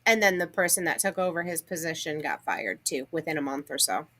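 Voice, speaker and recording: A woman co-hosting a casual livestream, telling stories in a chatty, animated way. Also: low-pitched, fairly quick. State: has the hiccups. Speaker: livestream co-host.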